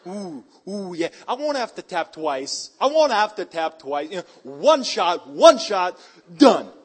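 A cocky, eager warrior sidekick with a lisp and an Italian accent, as a man puts him on in a sermon. He talks tough-guy slang with a bouncing, lively delivery. The voice is slightly husky and pitched a little high. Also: unhurried, heavily acted. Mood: eager swagger. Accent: Italian (put on).

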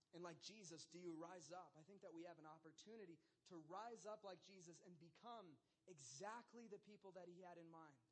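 Brief: thirties male pastor, high voice, chatty animated sermon delivery. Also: brisk, few pauses, poor audio. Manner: conversational and animated, lots of fillers.

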